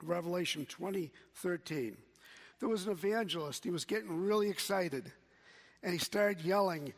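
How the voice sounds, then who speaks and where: A man preaching a sermon as pastor, slow and measured, quoting scripture. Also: high voice, vocal fry, long reverb tail.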